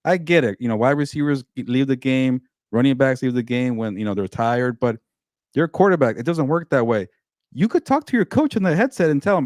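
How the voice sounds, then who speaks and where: A man's voice: mid-range voice, fairly quick, dry recording, studio quality. A man co-hosting a casual sports talk show, ranting emphatically about football. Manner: animated, emphatic rants. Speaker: co-host.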